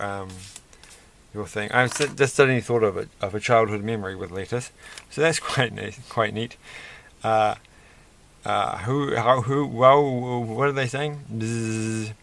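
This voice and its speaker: A man's voice: lowish voice, gravelly, a bit bright. A man hosting a casual toy-building video, rambling and chatty with self-deprecating asides. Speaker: host.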